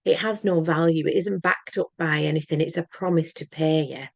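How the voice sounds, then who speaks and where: A woman's voice: low-pitched, fairly even intonation, a little fast, gravelly, dry recording. A woman talking in an earnest, emphatic monologue to camera, rambling and often restarting her words. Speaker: channel host.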